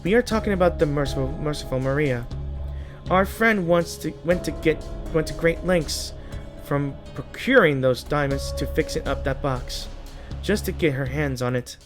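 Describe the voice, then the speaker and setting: A man's voice: fairly high pitch, moderate pace, music in the background, natural voice. A man reading as a cool, calculating woman schemer. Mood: calm.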